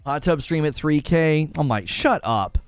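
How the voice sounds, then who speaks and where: A man's voice: fairly high pitch, lively intonation, a little slow, smooth, dry recording, faint music behind. A man hosting a casual gaming live stream, arguing both sides of a point and reading chat messages aloud. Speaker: livestream host.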